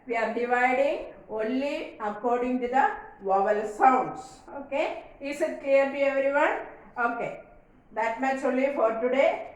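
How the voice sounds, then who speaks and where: A woman's voice: sits high, measured pace. A woman teacher giving an English grammar lesson, repeating each answer and spelling words out letter by letter. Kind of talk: recorded classroom lesson. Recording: very echoey room.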